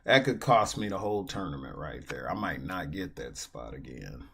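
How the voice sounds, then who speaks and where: A man's voice: a bass voice, very animated, moderate pace, few pauses, fairly bright tone, slight background noise. A man streaming online poker, talking casually and venting with a lot of swearing. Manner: profane, venting. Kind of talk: casual live-stream commentary while playing. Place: at a computer, indoors.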